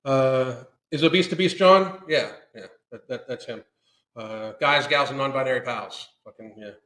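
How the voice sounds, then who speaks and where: A man's voice: medium pitch, moderate pace, fairly bright tone, roomy sound, low-quality recording. A man hosting a live stream, ranting bluntly and swearing heavily while answering viewer questions. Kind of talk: casual profane live chat.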